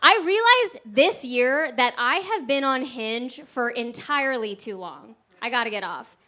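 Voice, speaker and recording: A woman's voice: high voice, lively intonation, measured pace, sharp tone. A woman from Texas performing a stand-up set at a comedy club, chatty and self-mocking, laughing through her punchlines. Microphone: handheld stage mic.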